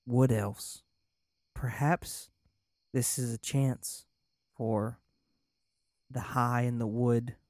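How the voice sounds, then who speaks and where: High elf, formal and urgent, played by a man, dry sound. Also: a little mellow, no echo, lightly acted. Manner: solemn and formal, turning frantic.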